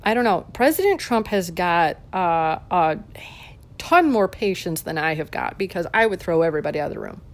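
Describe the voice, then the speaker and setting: A woman's voice: on the low side, lively intonation, moderate pace. A woman giving a heated political commentary monologue, fiery, combative and sarcastic.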